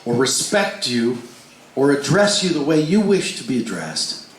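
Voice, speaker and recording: A man telling a story live between songs, animated and swinging his pitch for the voices he quotes, swearing freely. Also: measured pace, slight background noise. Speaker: stage performer telling a story. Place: large concert hall before a live crowd. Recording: echoey live hall with crowd.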